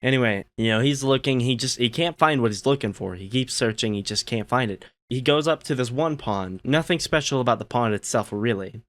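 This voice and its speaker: A man hosting a relaxed gameplay video, telling a long story in a meandering, laid-back way with lots of fillers. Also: medium pitch, brisk, hardly any pauses. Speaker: gaming channel host.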